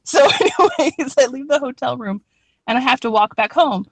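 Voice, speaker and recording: A woman's voice: high voice, expressive, normal speed, no room sound. A young woman telling a story in a casual chat, rambling with lots of "like" and swearing. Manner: rambling, many "like"s, swears, laughs a lot. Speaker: podcast co-host.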